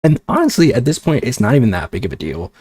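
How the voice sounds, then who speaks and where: A man's voice: medium pitch, big pitch swings, quick pace, dark tone, no echo. A man streaming as a VTuber, ranting casually with exasperation, swearing and sarcasm. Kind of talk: casual livestream chat.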